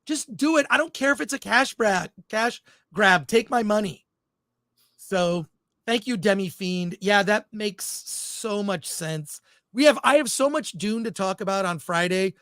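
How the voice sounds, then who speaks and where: A man's voice: high voice, unhurried, fairly bright tone, no echo, clean studio sound. A man co-hosting a film podcast in casual, opinionated chat, reading out live chat comments as he goes. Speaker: podcast co-host.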